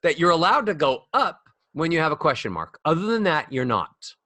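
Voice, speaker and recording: A man teaching as a voice coach guest on a podcast, animated and demonstrating rising and falling speech melodies. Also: on the high side, fairly quick, no echo. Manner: demonstrates speech melodies with sung-up acted examples. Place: studio.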